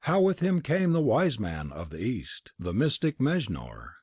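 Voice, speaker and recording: A man voicing a grave, prophetic sage from the East with a deep, sweet, foreign-accented voice and solemn archaic speech. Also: huge pitch swings, unhurried, a little mellow, slightly rough, dry recording, exaggerated voice. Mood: warning. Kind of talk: audiobook character reading.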